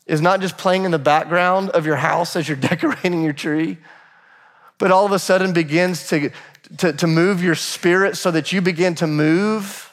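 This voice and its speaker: A man's voice: high voice, a bit bright. A man preaching a sermon as pastor, emphatic and repeating phrases as he builds a point. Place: church sanctuary. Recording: long hall reverb.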